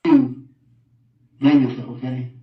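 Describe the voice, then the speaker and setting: An older man giving a halting personal account in an interview, repeating himself and often trailing off quietly. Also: mid-range voice, level tone. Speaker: interviewed father. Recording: roomy, distant, dull audio.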